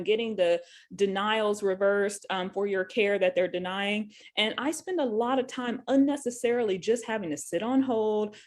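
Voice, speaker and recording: A middle-aged woman nurse, explaining a health bill in a casual online office hours chat, chatty with lots of fillers. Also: mid-range voice. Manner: chatty, casual, with frequent fillers and little laughs. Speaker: nurse and co-host.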